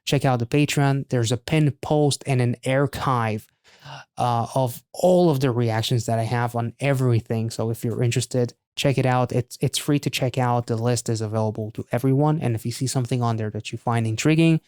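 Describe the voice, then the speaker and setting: A man's voice: medium pitch, normal speed, darkish tone, smooth, no room sound, studio quality. A man hosting a music reaction video, chatting casually and exclaiming over the song. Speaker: reaction channel host.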